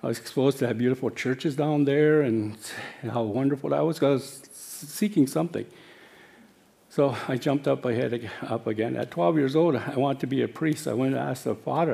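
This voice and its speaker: Man, 60s, gravelly mid-pitched voice, halting personal testimony. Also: warm tone. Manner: halting, with many fillers and self-corrections. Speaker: speaker sharing his life story.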